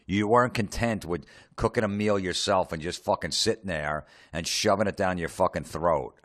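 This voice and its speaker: Man, low voice, profane comedic rant, sarcastic, mocking impressions. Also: normal speed, hardly any pauses, a bit bright. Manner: sarcastic, swears constantly, mocks people in put-on voices. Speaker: comedian ranting.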